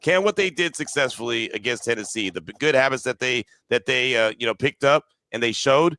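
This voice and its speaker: A man's voice: medium pitch, lively intonation, brisk, pushed and bright. A man hosting a casual sports podcast, breaking down the game analytically and often checking in with "right?". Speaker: podcast host.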